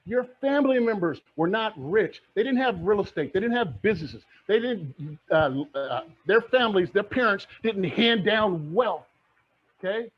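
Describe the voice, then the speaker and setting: Fired-up high-voiced man preaching wealth. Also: expressive, normal speed. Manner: fired-up, preachy, repeats phrases. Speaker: guest speaker, real estate mentor. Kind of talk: motivational talk. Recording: dull lo-fi sound.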